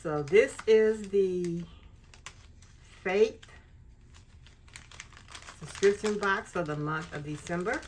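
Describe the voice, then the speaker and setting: A woman's voice: lowish voice, slow, long pauses, darkish tone, slight background noise. A woman hosting a casual unboxing vlog, gushing over craft and faith supplies. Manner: gushing, effusive. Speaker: channel host.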